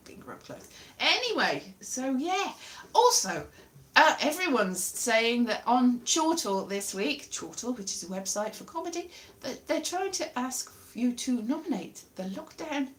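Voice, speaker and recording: A young woman comedian rambling in a self-mocking comic monologue from a very small room at home. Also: sits high. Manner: chatty, self-mocking, drifts off topic. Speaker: comedian vlogger.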